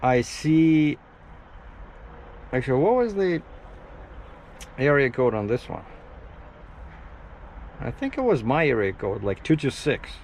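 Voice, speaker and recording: A man's voice: mid-range voice, sing-song, slow pace, pauses often, darkish tone, low-quality recording. Trucker guy rambling outside by his rig, average voice, faint outdoor hum, keeps restarting his sentences. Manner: rambling, jumps between topics, frequent restarts. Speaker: truck driver. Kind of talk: casual vlog monologue. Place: outdoors at a truck parking area.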